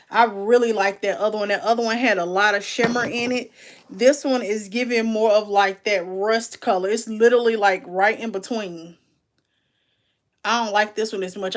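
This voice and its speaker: A woman, chatting casually and candidly as she unboxes and reviews makeup, calling her viewers "baby" and "y'all". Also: mid-range voice. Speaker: beauty vlogger.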